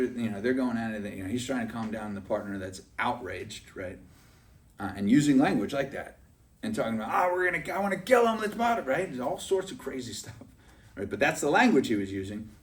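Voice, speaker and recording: A man's voice: mid-range voice, darkish tone, recorded from a distance. A man giving a motivational sales training talk, chatty and often asking "right?" to check in with his listeners.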